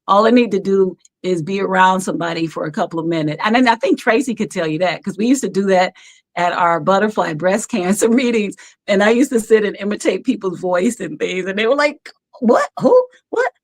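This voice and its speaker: A woman who works as a background actor, telling stories in an animated, chatty way as a talk-show guest, often laughing. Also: mid-range voice, a little fast. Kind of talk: casual storytelling chat.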